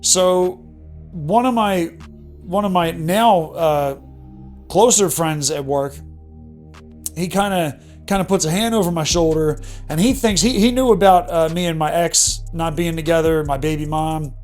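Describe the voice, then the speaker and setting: A man's voice: a little high, unhurried, darkish tone, soft background music. A man in his thirties candidly telling an emotional personal story in a vlog monologue. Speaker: vlogger.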